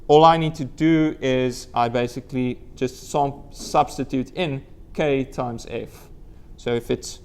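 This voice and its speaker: A man's voice: mid-range voice, steady tone, a little slow, darkish tone, a little hiss or hum. A man giving a live university lecture, quizzing the class and letting out playful whoops. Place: lecture room with students.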